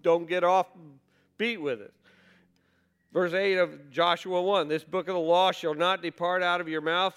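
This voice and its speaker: A male pastor preaching in a clear, smooth voice that sits high for a man. He talks his congregation through scripture in an easy, conversational way. He often stops to ask them rhetorical questions. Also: fairly bright tone. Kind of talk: sermon.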